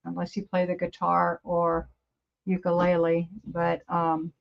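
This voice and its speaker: A woman's voice: on the low side, completely flat delivery, a little slow, vocal fry, a little hiss or hum. A woman over fifty hosting a casual livestream from her home studio, chatting to viewers in a rambling, easily amused way. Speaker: livestream host. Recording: slightly dull lo-fi livestream audio.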